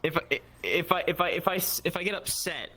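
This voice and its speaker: A man of middle pitch talks in a loose, rambling way, restarting his sentences often. His voice rises and falls widely. A faint background noise sits under the recording. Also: brisk. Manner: rambling with many restarts, lively swings in pitch. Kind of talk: casual chat.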